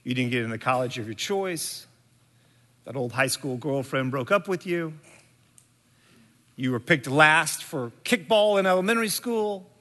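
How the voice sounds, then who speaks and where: A man giving a sermon, telling a story slowly and deliberately with frequent pauses and fillers. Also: fairly high pitch, lively intonation, sharp tone, big-room sound. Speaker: preacher.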